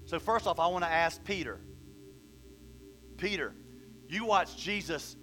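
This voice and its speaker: Bright high-voiced man preaching. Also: animated, unhurried, slight background noise. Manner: preaching with rhetorical questions, reading scripture aloud. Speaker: pastor. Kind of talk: sermon. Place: church hall.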